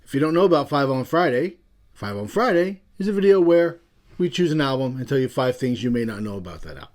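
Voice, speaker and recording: A man's voice: mid-range voice, a little mellow. A man with a Philadelphia accent, hosting a casual, rambling video about a classic album. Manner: chatty, rambling, self-amused. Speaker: channel host.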